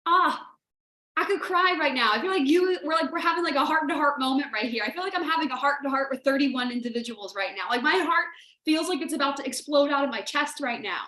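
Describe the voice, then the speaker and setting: A woman mentor gives a motivational livestream with a high voice, talking straight to her viewers. She is emphatic and emotional and says the same key phrases again and again. Her voice rings a little in an echoey room. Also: lively intonation, quick pace, bright, forceful tone. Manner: emphatic, repetitive and emotional, addressing viewers directly. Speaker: business mentor hosting a livestream.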